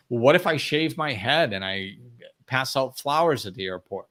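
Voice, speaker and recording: A man's voice: mid-range voice, animated, normal speed, fairly bright tone. Blunt, emphatic man giving a spiritual talk. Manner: blunt, emphatic, acts out quoted voices. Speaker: spiritual teacher, host. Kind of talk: live talk to listeners.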